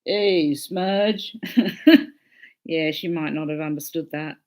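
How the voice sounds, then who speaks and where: A woman's voice: low voice, very animated, extremely slow, mellow. A woman hosting a casual livestream, chatting with viewers in a loose, swearing, laughing way. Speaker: livestream host.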